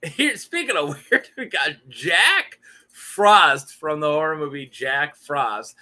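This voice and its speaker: Bright, jokey young man chatting. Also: a little high, lively intonation, takes it slowly. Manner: jokey, talks to himself, laughs often. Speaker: YouTube host. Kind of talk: casual chat.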